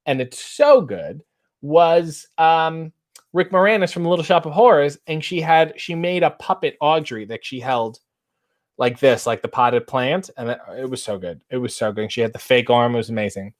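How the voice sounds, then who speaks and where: Man, thirties, casual host chat, wry and animated, slightly high voice. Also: moderate pace. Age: 30s. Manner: animated, wry, jumps up in pitch when reading comments. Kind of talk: casual chat reading viewer comments.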